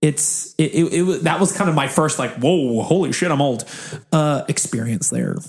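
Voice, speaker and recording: Gravelly-voiced man rambling on a podcast. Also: a little high, moderate pace. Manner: rambling, restarts mid-thought, laughs often. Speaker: podcast co-host. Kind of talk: casual podcast chat.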